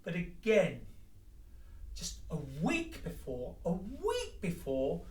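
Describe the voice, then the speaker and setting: A high-pitched man with a darkish tone speaks slowly yet swings his pitch wildly, ranting and swearing directly at his ex in a camera vlog. The echoey recording catches him at a distance from the mic.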